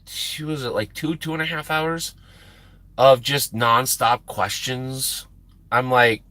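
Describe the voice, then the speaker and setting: A man's voice: medium pitch, unhurried, no echo. An American man, a truck driver and live-stream host, telling a story in a casual, profane way with frequent laughs. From United States. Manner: animated, profane, laughing often.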